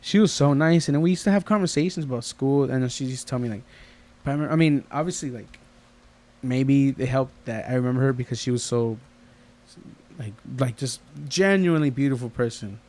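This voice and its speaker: This podcast co-host's voice sits at medium pitch with a darkish quality, and he talks a little fast. In casual conversation he tells long, wandering tales, imitating the people he's quoting.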